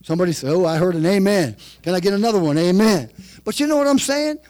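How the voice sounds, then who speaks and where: A man with a high-pitched voice preaches a sermon. He calls out to the congregation for amens and moves between quiet, confiding asides and raised emphasis. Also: lively intonation, fast talker. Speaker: pastor.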